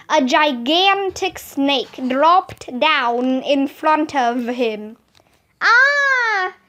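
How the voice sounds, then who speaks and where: A woman reading a children's book aloud as narrator, slow, careful and expressive. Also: sits high.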